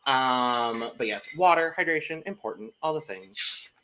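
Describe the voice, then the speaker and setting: A man's voice: medium pitch, animated, measured pace, bright, forceful tone, poor audio. A man hosting a casual podcast panel, bubbly and dramatic, saying he is very caffeinated. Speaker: podcast host.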